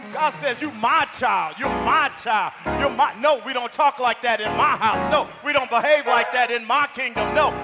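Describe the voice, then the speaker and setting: A man preaching a sermon as pastor, building to loud, rhythmic calls to the congregation. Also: extremely high pitch, in a large hall. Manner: rising to loud call-and-response preaching.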